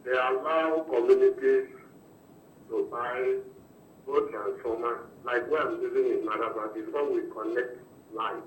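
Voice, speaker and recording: A Nigerian man with a Nigerian English accent calling in to a radio show, pressing his complaints in an earnest, halting way. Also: mid-range voice, fairly even intonation. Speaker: radio caller. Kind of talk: phone-in complaint. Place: calling in by phone. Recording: distant echoey phone line with faint noise.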